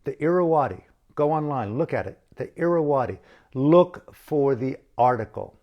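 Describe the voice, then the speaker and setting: A man giving an impassioned spoken address as an activist, slow and emphatic, with dramatic pauses and repeated phrases. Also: mid-range voice, lively intonation, highs cut off. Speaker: activist speaker.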